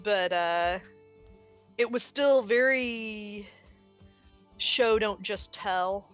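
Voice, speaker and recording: A woman chatting casually on a live gaming stream, expressive and full of filler words and mild swearing. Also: mid-range voice, extremely slow, clean tone, highs cut off, soft background music. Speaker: streamer co-host. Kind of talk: casual chat while gaming.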